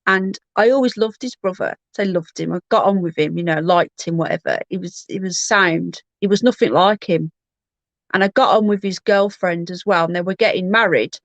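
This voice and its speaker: A woman's voice: on the low side, moderate pace, dry recording, dull audio. A woman hosting a livestream, telling a personal story in a candid, rambling way with frequent restarts. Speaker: livestream host.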